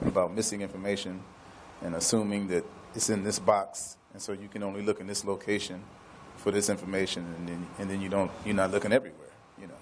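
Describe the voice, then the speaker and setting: Lower-voiced man in casual conversation. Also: a little hiss or hum, poor audio. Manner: conversational, many "you know" fillers. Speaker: panelist. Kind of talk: casual panel discussion.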